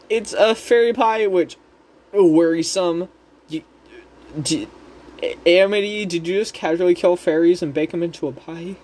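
Unhurried, rambling host recapping an episode, chatty and giggly. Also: medium pitch, a little mellow.

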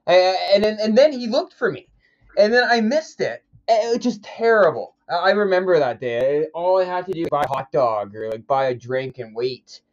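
A man's voice: high voice, expressive, moderate pace. A male podcast host with a slightly raised voice talks in an eager, rambling way, tripping over his words as he shares memories. The recording sounds a little dull and lo-fi. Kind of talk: casual podcast chat.

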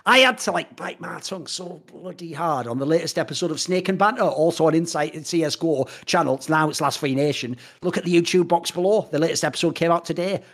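A man co-hosting a podcast in casual banter, animated, sardonic and sweary. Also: fairly high pitch, fast, hardly any pauses. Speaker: podcast co-host.

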